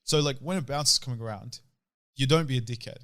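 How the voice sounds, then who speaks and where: Fast, bright-voiced guy telling stories. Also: mid-range voice. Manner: swearing, slangy, animated storyteller. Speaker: podcast co-host. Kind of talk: casual storytelling chat.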